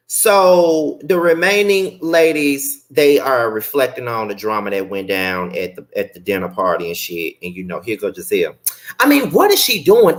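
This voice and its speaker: Sassy low-voiced woman ranting live. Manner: blunt, sassy, swears often; rants with sudden high-pitched outbursts. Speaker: live-stream show reviewer. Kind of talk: unscripted live recap commentary.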